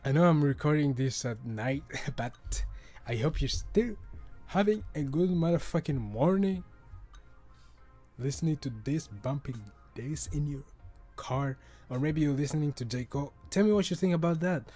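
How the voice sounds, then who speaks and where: A man's voice: on the high side, animated, moderate pace, warm tone, soft background music. Rambling, profane man from Africa. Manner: rambling and profane, with frequent stumbles and restarts. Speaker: podcast host. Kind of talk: casual solo podcast chat.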